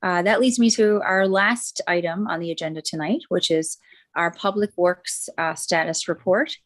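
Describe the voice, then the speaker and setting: Woman deputy mayor going thru council items, lots of uhs and ums, lowish voice, desk mic in chamber. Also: normal speed. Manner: hesitant, many fillers and restarts. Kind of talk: council meeting report.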